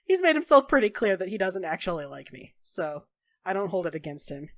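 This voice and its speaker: A woman voicing a reserved, self-deprecating man who speaks in a flat, subdued way. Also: lowish voice, brisk. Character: reserved, self-deprecating male former healer.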